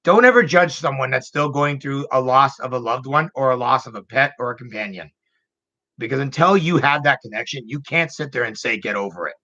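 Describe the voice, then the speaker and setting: Bright-voiced man telling a story. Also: medium pitch, a little fast. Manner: emotional, rambling, repeats himself. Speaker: channel host. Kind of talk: casual storytelling vlog. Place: home computer room. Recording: dull lo-fi home recording.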